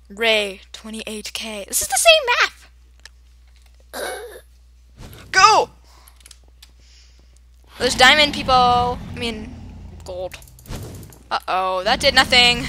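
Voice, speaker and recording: Silly, playful game commentary comes from a woman YouTuber whose voice is a little high, recorded against a noisy backdrop. She makes teasing asides to the other players and breaks into dramatic shrieks and exclamations.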